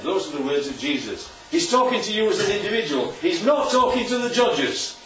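A man's voice: high-pitched, sing-song, brisk, hardly any pauses, a bit bright, slight background noise. A man preaching a sermon in a conversational way, often checking in with rhetorical questions. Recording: distant, echoey room, dull sound.

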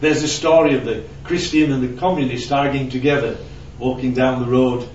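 Speaking at normal speed in a steady, mid-range voice with a darkish tone, a man delivers a conversational sermon, questioning the audience and sharing anecdotes. The lo-fi recording sounds roomy, distant and dull, with faint ambience and slight hiss or hum.

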